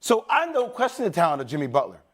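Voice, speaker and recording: A fairly high male voice lays out his case in a studio sports debate. He stays measured and reasoned and stumbles a little on restarts when he is cut off. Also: huge pitch swings. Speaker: sports analyst, debate guest.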